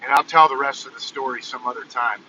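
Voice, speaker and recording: Male vlogger, animated storyteller, bright slightly high voice, dull phone audio. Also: quick pace, a little hiss or hum. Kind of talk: casual storytelling vlog. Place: in a car, then walking outdoors.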